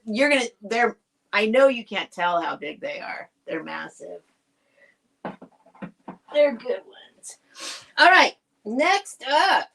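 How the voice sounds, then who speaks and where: A woman's voice: mid-range voice, creaky, a bit bright. A woman hosting a live stream from a home setup. She chats casually and directly to viewers, rambling and restarting her sentences. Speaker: host selling vintage items on a live stream. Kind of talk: casual live sale chat.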